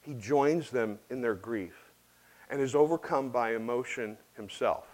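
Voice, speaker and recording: A man's voice: mid-range voice, unhurried, darkish tone, low-quality recording. A man preaching an expository sermon in an earnest way, asking rhetorical questions and repeating phrases for emphasis. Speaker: pastor.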